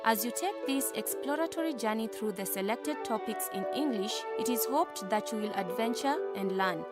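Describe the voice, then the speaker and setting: Clear, high-voiced woman narrating a lesson. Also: lively intonation, loud music behind the voice. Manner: measured, instructional.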